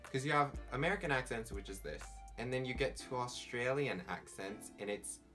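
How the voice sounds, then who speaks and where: A young man vlogs in a rambling, casual way, his Southern California accent coming through along with plenty of "like." His voice is mid-range, a bit bright, and a little fast, with faint background music.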